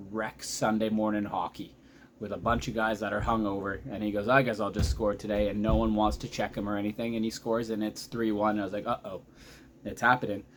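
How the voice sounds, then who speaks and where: A man in his thirties giving a casual, excitable recap of a hockey game as a vlogger, chatty and often losing his thread. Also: fairly low pitch, a little hiss or hum. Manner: excitable, chatty, loses track mid-sentence.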